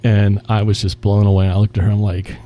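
A man's voice: fairly low pitch, fairly quick, dull audio. A man, a restaurant executive guest in a casual interview, telling work stories and acting out the dialogue. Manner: animated storyteller acting out quoted dialogue.

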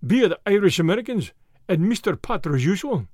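Narrator putting on a sneaky russian schemer, soft and creepy, voice jumps around. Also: male voice, high voice, very animated, brisk, no room sound, clean studio sound. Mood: questioning. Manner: soft, amused, sinister. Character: sly Russian male plotter, sinister.

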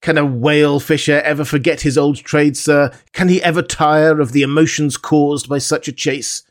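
A man's voice: on the high side, fairly even intonation, moderate pace, voice pushed up, close to an everyday voice. A man reading the part of a hot-tempered Canadian harpooner, eager and restless in an audiobook. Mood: earnest.

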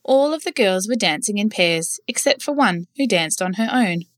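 A woman's voice: medium pitch, expressive, normal speed, no room sound, clean studio sound. Woman reading a children's story. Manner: gentle, clear read-aloud.

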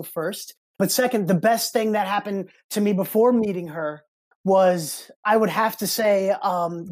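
A man telling a personal story as a podcast guest, animated and expressive, slipping into other people's voices as he recounts them. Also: high-pitched. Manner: animated, acts out quoted voices in his stories. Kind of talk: casual storytelling interview.

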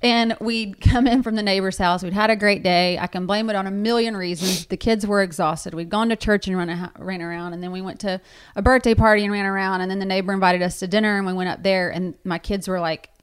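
A woman's voice: mid-range voice, fairly even intonation, quick pace, clear, resonant tone. A woman in her thirties, a podcast co-host, talking in a chatty storytelling way with many fillers. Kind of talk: casual chat.

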